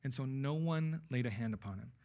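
A man's voice: medium pitch, a little fast, highs cut off. A man preaching an expository Bible sermon, emphatic and checking in with his listeners with frequent okay and right. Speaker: pastor.

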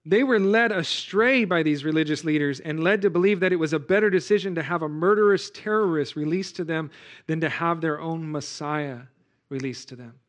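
A man preaching a sermon as pastor, earnest and exhorting, rising to loud emphasis. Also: on the high side, brisk.

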